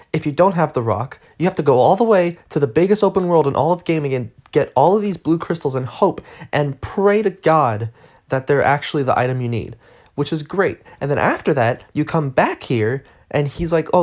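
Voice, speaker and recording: A woman's voice: sits low, a little mellow. A woman giving casual, exasperated game commentary, rambling and sarcastic as she walks through a side quest. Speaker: gaming video creator.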